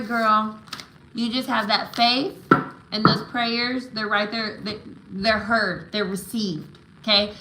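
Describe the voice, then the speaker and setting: Her mid-range voice pushed and bright, a tarot reader delivers live tarot and oracle readings full of affirmation and emotional, spiritual encouragement, frequently asking "right?" and "okay?". The audio is low quality and roomy, carrying a slight hiss or hum.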